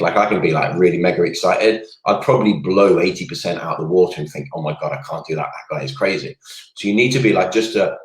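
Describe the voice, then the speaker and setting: Low-voiced coach, energetic and rambling. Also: male voice. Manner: energetic, rambling, goes off on tangents. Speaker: network marketing coach. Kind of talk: casual livestream coaching talk. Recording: roomy echoey room sound.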